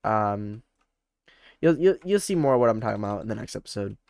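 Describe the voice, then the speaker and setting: A man's voice: fairly low pitch, animated, fairly quick, creaky, darkish tone, dry recording. A young man narrating his gameplay casually, rambling and often correcting himself mid-sentence. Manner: rambling, self-correcting, repeats words. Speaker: let's play host.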